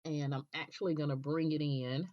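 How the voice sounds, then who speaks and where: A woman with a notably low voice talks through a software tutorial, patient and methodical, pausing to check in with listeners. The recording sounds dull and lo-fi, like a basic desktop mic. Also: steady tone. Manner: patient step-by-step explaining, frequent "okay" checks. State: coughing now and then.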